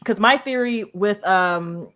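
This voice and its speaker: A woman guest on a casual livestream chat, animated and laughing as she acts out what characters said. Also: mid-range voice, takes it slowly. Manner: animated, acting out quotes with laughter.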